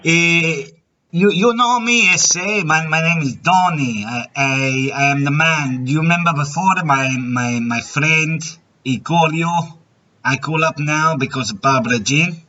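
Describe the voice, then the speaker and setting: Man doing a fake Mexican accent, stammering, tripping over words; bright tone, dull audio. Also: fairly high pitch, a little slow. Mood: bumbling. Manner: stammering, hesitant, repeats words.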